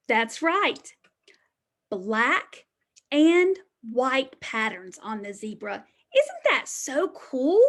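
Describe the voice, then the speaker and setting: A woman with a high, bright voice reads a picture book to little ones, taking her time and letting each line land slowly. She swings between sing-song excitement and soft, hushed whispers, like a preschool teacher at story time. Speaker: preschool teacher reading to children. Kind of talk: reading a picture book aloud to young children.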